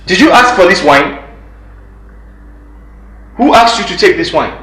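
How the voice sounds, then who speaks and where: An actor with a Nigerian English accent playing a stingy home owner who harshly scolds and lectures a guest, repeating himself. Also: male voice, high voice, very animated, a little slow, bright, forceful tone, full character voice. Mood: scolding. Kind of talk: film drama acting. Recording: echoey room.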